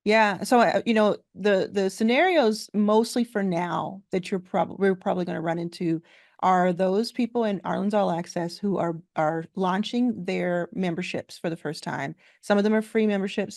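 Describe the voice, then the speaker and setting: A woman host with a gravelly edge to her voice talks business in a casual way. She is quick and affirming. The sound is dry and close. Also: medium pitch, a little mellow, no room sound. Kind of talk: casual conversation.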